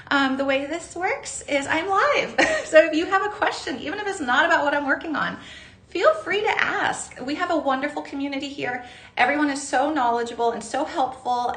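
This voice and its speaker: A woman's voice: high-pitched, fairly bright tone. A middle-aged woman from Southern California hosting a live jewelry-making class, chatty and upbeat as she greets viewers by name. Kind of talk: live-streamed craft class chat. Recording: roomy echo.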